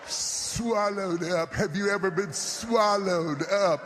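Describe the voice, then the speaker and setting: A man preaching a sermon slowly, drawing words out and half-singing, heard as a distant played clip. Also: high-pitched, fairly bright tone, some chatter behind, a little hiss or hum. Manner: slow, drawn-out, half-sung preaching.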